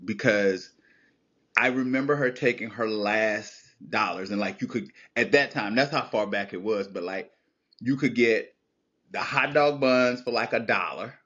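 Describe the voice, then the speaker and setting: A man guest on a podcast, telling childhood stories in a casual, heartfelt conversation, reflective and animated by turns. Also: on the low side, measured pace, lo-fi sound. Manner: storytelling, reflective, animated when recalling childhood.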